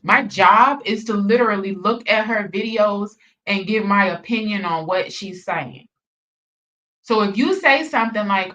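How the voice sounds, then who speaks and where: A woman's voice: mid-range voice, a little slow, bright, forceful tone, far from the mic, lo-fi sound. A woman hosting a reaction channel, ranting bluntly with heavy profanity and repeated emphasis. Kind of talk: reaction commentary rant.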